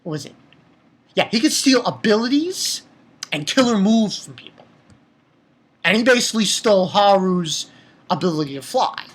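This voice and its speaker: His high-pitched voice swings widely in pitch at a moderate pace, with frequent pauses. Recapping an anime episode as a reviewer, he rambles, restarts and uses fillers, punctuating the plot summary with angry swearing.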